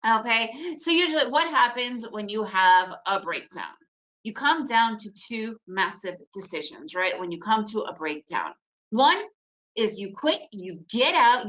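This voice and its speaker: A woman speaking at a trading webinar, telling a personal story in a lively way with rhetorical questions to the audience. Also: fairly high pitch, poor audio.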